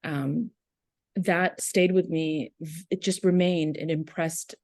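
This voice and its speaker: A woman educator guesting on a podcast speaks in a low voice, reflective and passionate. She pauses with fillers as she builds her thoughts. The recording is dry and close. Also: fairly even intonation, a little mellow, no room sound. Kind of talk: conversational interview.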